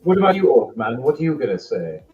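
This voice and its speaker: A man voicing a polite elf diplomat who speaks formally and apologetically, at a deliberate pace. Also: mid-range voice, sing-song, phone-quality sound, faint music behind, close to an everyday voice. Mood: pleading. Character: polite elf diplomat, male, smooth-talking.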